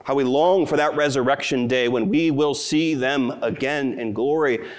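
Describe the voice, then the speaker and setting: A man's voice: mid-range voice, moderate pace. A middle-aged man preaching a sermon as pastor, earnest and tender, rising to emotional peaks.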